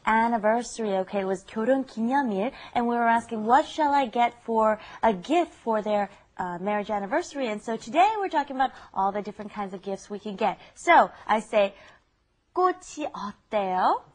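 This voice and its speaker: Bright quick-talking woman host. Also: on the high side, animated. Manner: cheerful, laughs often, explains slowly. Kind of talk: upbeat language lesson.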